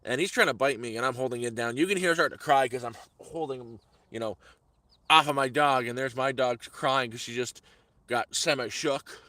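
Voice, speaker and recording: Angry man ranting outdoors, bright voice. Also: medium pitch, a little fast, dry recording. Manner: heated, repetitive storytelling with sudden outbursts. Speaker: vlogger. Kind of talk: angry live-stream rant. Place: outdoors in the woods.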